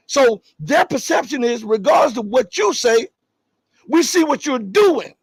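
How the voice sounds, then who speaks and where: A man with a high, husky voice hosts a live stream from his home setup. He reads viewer chat and comments on it with emphatic, rising stresses, and turns low and offhand between points. The sound is dry and close. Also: animated, a little slow, no room sound. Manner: emphatic, rises in pitch to stress points, then drops low and casual reading chat. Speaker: livestream host.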